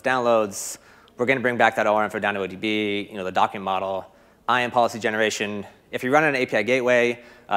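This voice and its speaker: A man with an American accent talks through a live coding demo at a conference. His voice sits a little low, and he moves quickly, padding his sentences with "um" and "you know.". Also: a bit bright. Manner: fast, filler-heavy technical explaining. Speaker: conference presenter.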